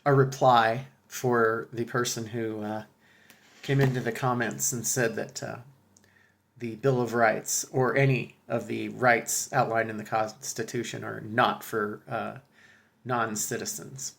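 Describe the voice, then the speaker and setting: Man, gravelly voice, halting casual commentary, then reads a book passage aloud. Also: medium pitch, little pitch movement, a bit bright. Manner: halting, many fillers and restarts.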